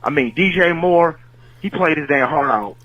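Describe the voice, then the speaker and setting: A man's voice: on the high side, lively intonation, moderate pace, highs cut off. A man calling in to a podcast, ranting furiously and cursing nonstop. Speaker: caller. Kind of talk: angry fan call-in rant.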